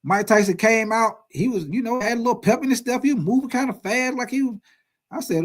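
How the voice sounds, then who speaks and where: High-voiced man ranting about sports. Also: quick pace. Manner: profane, animated storytelling with lots of swearing. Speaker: sports video host. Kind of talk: casual sports commentary rant.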